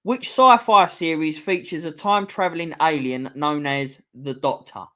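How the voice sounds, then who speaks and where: London bloke running a quiz on a stream, kinda high voice, swears a lot, takes the mick. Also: male voice, moderate pace, pushed and bright. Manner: swears freely, teasing, chatty. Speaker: host reading a quiz to a live chat. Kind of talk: casual live-stream quiz banter.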